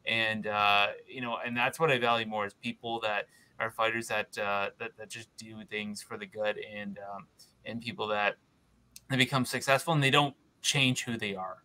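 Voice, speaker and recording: A man co-hosting a casual podcast, earnest and halting, with many fillers and restarts. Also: fairly low pitch, fairly even intonation, sharp tone, low-quality recording. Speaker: podcast co-host.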